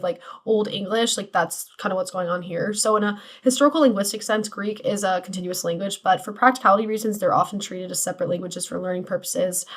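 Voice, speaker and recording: A young woman giving a casual class presentation, full of "like" and "um" fillers. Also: mid-range voice. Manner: casual, filler-heavy, lots of "like" and "um". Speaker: student presenter.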